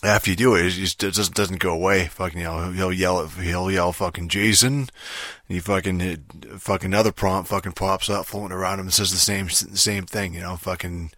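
A man's voice: low voice, little pitch movement, fairly quick, few pauses, a bit bright, no echo, studio quality. A man casually retelling a video game, rambling with heavy swearing, fillers and restarts.

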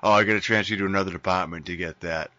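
A man's voice: low-pitched, fairly even intonation, racing, sharp tone, dry recording. A man telling a long, profane, rambling story in casual chat on a podcast, saying dude a lot. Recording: dull lo-fi sound.

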